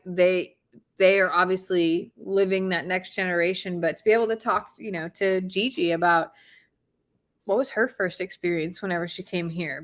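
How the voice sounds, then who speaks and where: Woman, casual storyteller, animated and expressive, laughs easily. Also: mid-range voice. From Midwest US. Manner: animated, laughs often, swings from excited to hushed. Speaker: host telling a personal story.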